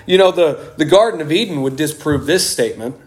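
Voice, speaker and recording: A man preaching a sermon, slow and emphatic, with dramatic pauses. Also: a little high, lively intonation.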